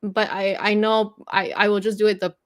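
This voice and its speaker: Woman, French Canadian accent, native French speaker, patient explainer, casual livestream host, middle pitch. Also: level tone, moderate pace. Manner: patient, explaining with many fillers. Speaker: host teaching French pronunciation.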